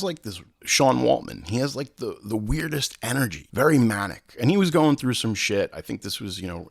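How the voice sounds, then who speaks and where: A man with a fairly low voice tells a rambling story in a loose, casual way, cursing freely and leaping way up in pitch whenever he acts out what someone said. The sound is dry and close, with no room around it. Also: dry recording. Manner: animated, swearing, acts out quotes with big pitch jumps. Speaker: podcast host.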